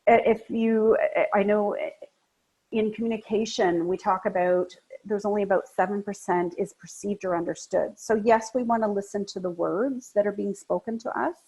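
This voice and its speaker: Woman, breathy voice, high energy, emphatic, conversational presentation. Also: darkish tone, low-quality recording. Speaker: business coach presenting a training webinar.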